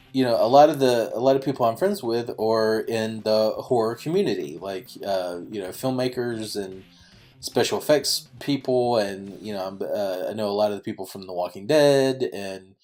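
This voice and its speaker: A man's voice: lowish voice, darkish tone. A man hosting a gaming channel, telling a rambling, self-mocking story packed with fillers. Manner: chatty, self-mocking, full of "you know" fillers. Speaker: YouTube gaming channel host. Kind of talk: rambling casual storytelling over gameplay.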